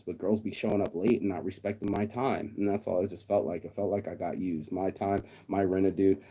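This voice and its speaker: A middle-aged man with a low, warm voice rants casually in a vlog. He is blunt, profane, and mocking, often mimicking other people by quoting them.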